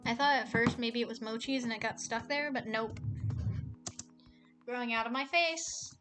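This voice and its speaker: A young woman streaming a game, reading the story aloud and chatting, sarcastic and quick to swear. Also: fairly high pitch, pushed and bright, soft background music.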